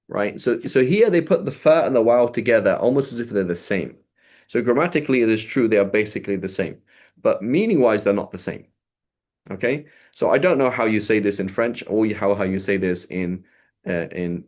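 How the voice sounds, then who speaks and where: A man's voice: fairly low pitch, darkish tone. A man teaching Arabic grammar to a small group over a video call, explaining step by step and checking in with a frequent "right?".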